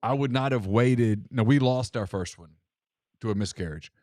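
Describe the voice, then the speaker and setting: A middle-aged man, co-hosting a casual radio call-in show and telling stories in an animated way, often repeating himself. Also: mid-range voice, moderate pace, dry recording, studio quality. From American South. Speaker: co-host.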